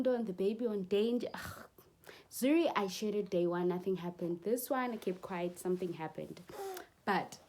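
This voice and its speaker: South african woman vlogging, emotional and halting, medium pitch, slips into xhosa words. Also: a little mellow. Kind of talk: personal storytelling vlog.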